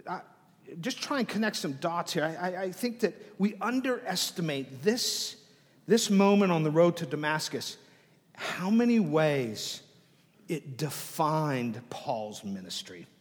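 A high-pitched male pastor gives a dramatic sermon, his delivery falling to hushed whispers and rising to loud peaks. He keeps restarting phrases, repeating words as he goes, and the audio has a long hall reverb.

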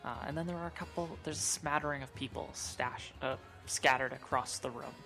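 A woman narrating as game master of a tabletop game, describing scenes at an unhurried pace with small hesitations. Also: a bass voice, pushed and bright, faint music behind.

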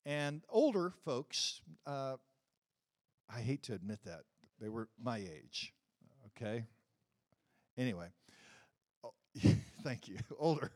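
A pastor telling a story in a sermon, conversational and self-deprecating, building to emphatic points. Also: male voice, medium pitch, very animated, slow pace, long pauses, a little mellow.

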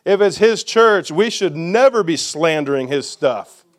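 A man's voice: on the high side, lively intonation, a little slow. A man preaching a sermon to his congregation as pastor, emphatic and repetitive, putting questions to the listeners. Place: church sanctuary.

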